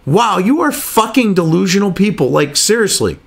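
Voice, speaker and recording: A man's voice: high voice, very animated, moderate pace, vocal fry. A man reading news articles aloud and cutting in with angry, profane, sarcastic rants, as host of his own commentary show.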